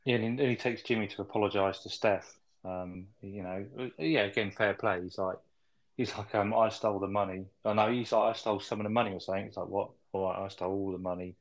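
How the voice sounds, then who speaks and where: A man co-hosting a podcast, recapping a film's plot in relaxed, casual chat with plenty of fillers. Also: on the low side, fast, rough recording. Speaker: podcast co-host. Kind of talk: casual film review chat.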